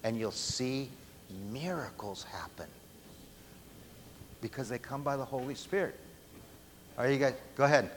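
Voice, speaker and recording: A man's voice: medium pitch, unhurried, pauses often. A man preaching a sermon, emphatic and often asking the room questions. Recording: long hall reverb, faint background noise.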